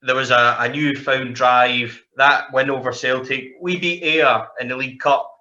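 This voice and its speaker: A man's voice: mid-range voice, fairly even intonation, moderate pace, bright, forceful tone. A man hosting a podcast, mostly giving short encouraging replies and then setting up a question. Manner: brief encouraging backchannels, then a long setup question. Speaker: podcast host. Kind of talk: casual podcast interview. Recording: lo-fi call audio.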